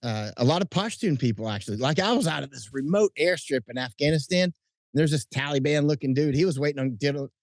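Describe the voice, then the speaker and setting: A middle-aged man chatting outdoors at night as an interview guest, telling animated stories with frequent restarts and chuckles. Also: on the high side, quick pace, no echo, studio quality. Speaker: interview guest, combat correspondent. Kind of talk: casual interview chat. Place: outdoors at night under lights.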